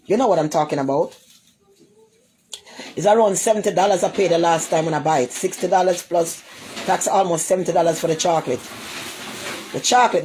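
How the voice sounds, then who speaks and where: Her lowish voice has a dark tone, and a little hiss or hum sits in the recording. She is a livestreamer with a Jamaican accent, ranting casually to viewers, circling the same points and insulting commenters bluntly.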